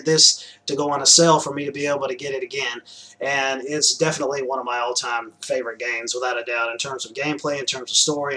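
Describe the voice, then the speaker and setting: A man's voice: mid-range voice, bright, forceful tone, low-quality recording. A young man rambling casually about games he just bought, with lots of fillers, restarts and the odd swear word. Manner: loose and chatty, many fillers, restarts and "to be quite honest", casual swearing. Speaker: gaming vlogger showing new purchases. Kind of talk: rambling casual vlog chat.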